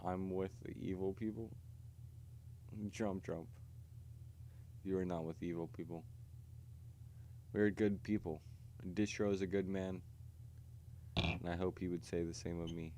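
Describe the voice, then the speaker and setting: A man's voice: low-pitched, level tone, measured pace, long pauses, mellow, a little hiss or hum. A man hosting a casual livestream video chat with strangers, rambling and profane in a provocative way. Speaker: livestream host.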